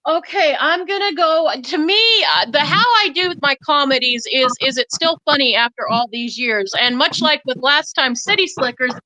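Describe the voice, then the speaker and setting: A woman's voice: sits high, normal speed, few pauses, pushed and bright, no echo, low-quality recording. A woman co-hosting a casual movie chat show, enthusiastic and swearing freely as she recommends films. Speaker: co-host.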